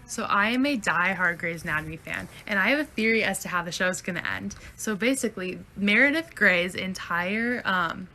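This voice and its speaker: A woman's voice: medium pitch, pushed and bright. A woman casually sharing an eager fan theory about a TV show, checking in with "right?" as she goes. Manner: eager, persuasive, frequent "right?" asides. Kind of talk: casual chat to camera.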